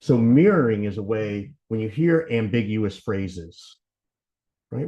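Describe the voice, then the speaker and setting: A middle-aged man from Georgia giving a sales training talk, talking fast and conversationally, often tagging lines with "right?" and "you know" while acting out sales dialogue. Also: on the low side, animated. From Southern US, Georgia. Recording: slightly dull sound.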